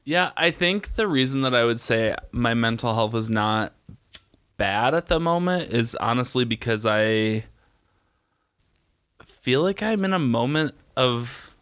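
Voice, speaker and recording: A man's voice: medium pitch, lively intonation, unhurried, a bit bright, smooth. A man appearing as a guest on a studio podcast, chatting casually and earnestly, thinking aloud with fillers. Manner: earnest, talks things through with fillers.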